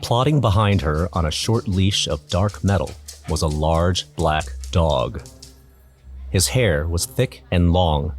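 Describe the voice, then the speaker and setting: A man narrating an audio drama in first person, nervous and wry. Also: sits low. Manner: nervous, wry inner monologue. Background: music.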